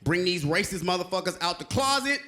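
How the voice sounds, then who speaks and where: Animated young man doing stand-up. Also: brisk. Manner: animated, shouts and sings punchlines, high squeaky acted quotes. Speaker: stand-up comedian. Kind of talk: stand-up comedy set.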